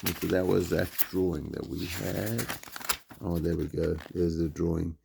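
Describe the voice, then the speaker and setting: Gravelly low man reading aloud. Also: normal speed, background noise. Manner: lively storytelling, voices for each character. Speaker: teacher reading to pupils. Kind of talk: reading a children's book aloud.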